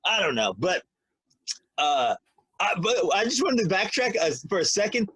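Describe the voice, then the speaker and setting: Raspy guy rambling on a podcast, voice jumping all over, real dry sound. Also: high-pitched, normal speed, dry recording. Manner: rambling, joking, animated. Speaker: podcast co-host. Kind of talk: casual podcast chat.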